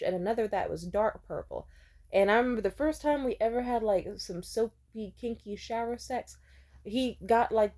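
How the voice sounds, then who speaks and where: Speaking in a warm, mid-range voice, this young vlogger shares candid stories with plenty of profanity. She mimics the people she quotes with mocking impressions.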